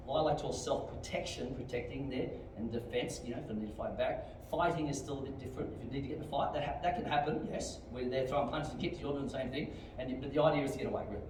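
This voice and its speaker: A middle-aged man with an Australian accent teaching a martial arts class, explaining techniques and barking sharp commands and kiai shouts. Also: medium pitch, fast. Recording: very echoey hall, distant mic, faint room noise.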